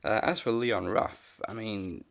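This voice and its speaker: A man co-hosting a wrestling podcast in casual chat, laid-back and quick to laugh. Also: lowish voice, vocal fry, slight background noise.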